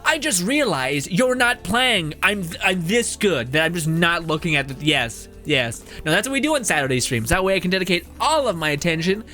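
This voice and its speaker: A man's voice: high-pitched, sing-song, normal speed, few pauses, pushed and bright, faint music behind. A man streaming a game, chatting casually with viewers and reading out their messages, laughing often and swearing freely.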